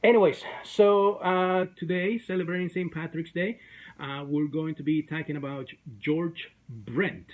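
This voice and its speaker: A man's voice: on the high side, a little slow, rough recording. Chatty man hosting a show. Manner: chatty, self-deprecating, many fillers. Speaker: host. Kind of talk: casual YouTube show.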